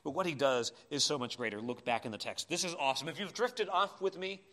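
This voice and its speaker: A man preaching a sermon in a church, impassioned, swinging between urgent cries and quiet asides. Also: fairly high pitch, fast. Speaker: pastor.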